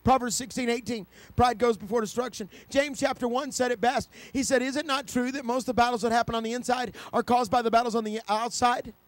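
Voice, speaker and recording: A middle-aged man preaching a sermon in a notably high voice, recorded dry and close with almost no room sound. He tells personal stories and often stumbles and restarts his sentences. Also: steady tone, fast talker, hardly any pauses, no room sound. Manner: builds to loud, high-pitched preaching; storytelling, with repeated restarts.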